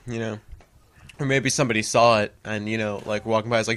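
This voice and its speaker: A man's voice: on the low side, fairly even intonation, fast, fairly bright tone. A young man giving a casual, rambling video commentary, swearing and laughing often, with lots of fillers.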